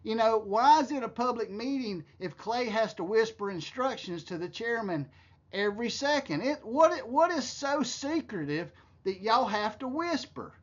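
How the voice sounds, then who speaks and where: A man's voice: very high-pitched, expressive, normal speed, highs cut off. A man giving heated, scornful commentary, ranting with profanity. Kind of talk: angry commentary.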